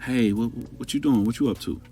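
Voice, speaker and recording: A man voicing a clingy young woman, apologetic and soft as she coaxes him to meet once more. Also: mid-range voice, fairly quick, husky, soft background music, lightly acted. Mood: coaxing.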